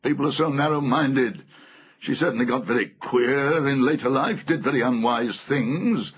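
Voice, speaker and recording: A man's voice: mid-range voice, moderate pace, breathy edge, voice pushed up, lightly acted. A man doing a sly, oily old uncle. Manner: silky, wheedling, with chuckles. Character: sly, scheming elderly uncle, oily and secretive. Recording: muffled audiobook recording, faint music.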